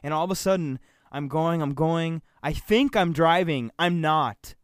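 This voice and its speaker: A young man from Michigan's Upper Peninsula, co-hosting a podcast, telling a story in an animated, swear-heavy way and acting out the lines of the people in it. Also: on the high side, unhurried, smooth, dry recording, studio quality. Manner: animated, swears a lot, acts out quotes. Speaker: podcast co-host. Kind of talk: casual storytelling chat.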